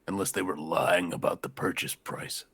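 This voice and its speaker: A man's voice: deep voice, fairly even intonation, normal speed, a bit bright, no room sound. A man co-hosting a casual podcast, joking around and sniffling now and then. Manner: joking, laughing, coughing and sniffling. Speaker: podcast co-host. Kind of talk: casual chat.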